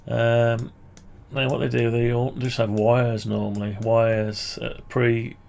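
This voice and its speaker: A man with a deeply gravelly, creaky voice talks slowly and unhurriedly, thinking aloud through an amateur radio antenna project at his computer. He rambles and corrects himself mid-sentence, with a faint hum of noise behind him. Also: little pitch movement, a little mellow. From United Kingdom. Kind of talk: casual screen-share walkthrough.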